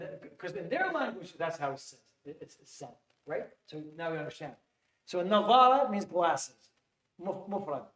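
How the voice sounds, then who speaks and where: A man teaching an Arabic class, quizzing his students and repeating phrases with frequent restarts, recorded in a classroom. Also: fairly high pitch. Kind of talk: classroom lecture. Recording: echoey classroom.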